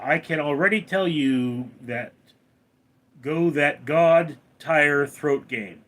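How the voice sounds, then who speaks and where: A man's voice: on the high side, takes it slowly, a bit bright. A man hosting a casual live stream, reading out viewer names and comments and answering them briefly. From Los Angeles, California. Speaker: livestream host reading chat.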